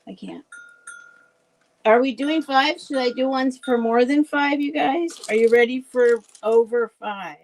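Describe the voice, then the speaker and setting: A woman hosting a casual live vintage sale, chatty and rambling, laughing often and thinking out loud. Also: high-pitched, measured pace, poor audio. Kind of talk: casual live selling chat.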